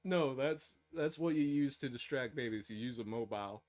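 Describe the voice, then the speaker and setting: A man's voice: mid-range voice, normal speed, darkish tone. A man from the American South co-hosting a podcast, joking, laughing often and swearing casually. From Southern United States. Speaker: podcast co-host. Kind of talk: casual chat.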